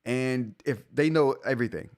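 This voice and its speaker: A man's voice: medium pitch, normal speed, a little mellow. A man in his forties hosting a live tech stream, talking casually, rambling and correcting himself, often laughing. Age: 40s. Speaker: tech show host.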